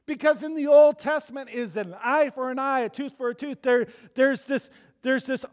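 A male pastor preaching a sermon to his congregation, animated and acting out the voices of the people he quotes, with chuckling asides. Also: very high voice, moderate pace, in a large hall. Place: church.

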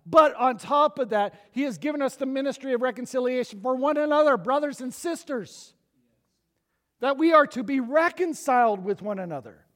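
High-voiced pastor preaching an animated sermon. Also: male voice, normal speed, long reverb tail. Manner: animated, acting out quoted voices, chuckling asides. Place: church.

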